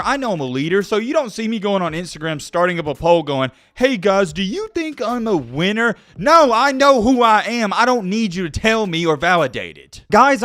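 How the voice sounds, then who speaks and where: A man ranting in a commentary vlog, exasperated and preachy. His somewhat high voice leaps up and down as he presses each point. The sound is dry and close. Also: fairly bright tone, no echo. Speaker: commentary YouTuber.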